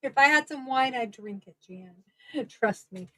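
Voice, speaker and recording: A woman's voice: fairly high pitch, animated, a little slow, bright, forceful tone, dry recording. A woman chatting casually on a livestream video call, laughing often through her words.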